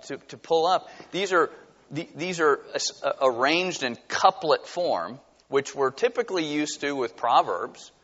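A pastor with a fairly high voice delivers a sermon in an echoing hall, preaching in an animated, conversational way full of rhetorical questions. The sound is dull, with a long hall reverb.

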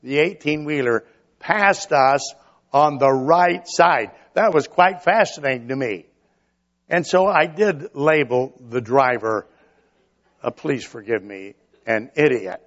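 Slow, folksy older male preacher. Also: medium pitch, a bit bright, lo-fi sound. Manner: folksy storytelling with quoted asides. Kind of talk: sermon.

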